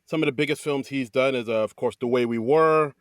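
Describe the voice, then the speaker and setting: A man's voice: medium pitch, fairly quick, no room sound. Easygoing man, dry close sound. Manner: easygoing, lots of fillers and short reactions. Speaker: podcast co-host. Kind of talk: casual chat.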